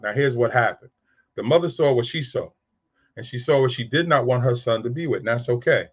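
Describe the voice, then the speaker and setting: A man's voice: medium pitch, a little fast, breathy edge, highs cut off. A man in his fifties telling frank, streetwise stories about raising boys. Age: 50s. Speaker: speaker on raising sons. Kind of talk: candid storytelling talk.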